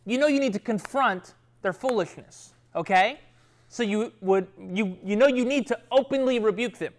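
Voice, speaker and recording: Man, Bible teacher with a youth group, lively and conversational, tags lines with "right?". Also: high-pitched, normal speed. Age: adult with children. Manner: animated, keeps checking in with "right?" and "okay?".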